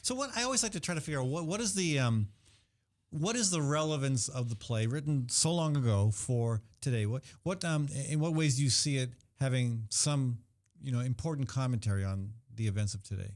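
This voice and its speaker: A man's voice: mid-range voice, animated, fairly quick. A man hosting a radio talk show, chatting casually with a guest and laughing often. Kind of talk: casual interview chat.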